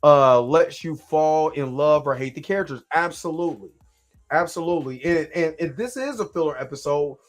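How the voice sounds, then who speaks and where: A talkative man from Kansas City hosts his own reaction show, rambling through his thoughts in a loose, conversational way. His voice sits a bit higher than most men's, and faint music plays under it. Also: moderate pace. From Kansas City, USA. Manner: talkative, repeats "you know what I'm saying", restarts. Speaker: show host reviewing an episode. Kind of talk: casual live reaction commentary.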